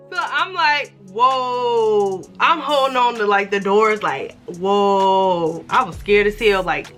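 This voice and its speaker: Young woman, storytime vlog, casual and profane, bright sound, low background music. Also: measured pace, long pauses. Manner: animated, profane storytelling with quoted voices. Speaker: vlogger.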